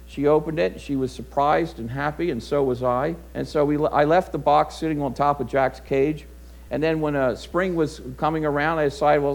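A middle-aged male pastor with a slightly raised voice, preaching a sermon. He tells a homespun anecdote in an easy, conversational manner, then moves into reading scripture. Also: a little high. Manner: folksy storytelling, conversational. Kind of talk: sermon with personal story.

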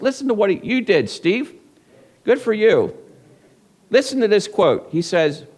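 A male pastor delivering a sermon in a church service, reading scripture and asking the congregation rhetorical questions. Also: a little high.

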